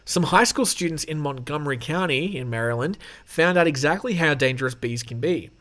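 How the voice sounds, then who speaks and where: A man's voice: a little high, animated, fairly quick, fairly bright tone. A man hosting a casual podcast, reading notes aloud with off-the-cuff asides, swearing and laughing as he goes. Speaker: podcast host.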